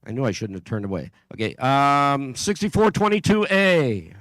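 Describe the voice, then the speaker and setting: A man's voice: medium pitch, big pitch swings, a little fast, dry recording, low-quality recording. A man announcing competing teams at an event, reading a list steadily with small slips and asides. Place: event venue.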